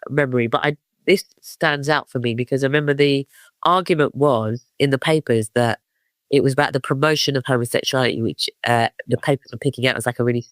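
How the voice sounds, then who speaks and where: Here the guest, a London-accented man in his fifties from East London, talks fast in a medium-pitched, slightly bright voice. His casual interview stories wander, packed with fillers and false starts, on a dry recording.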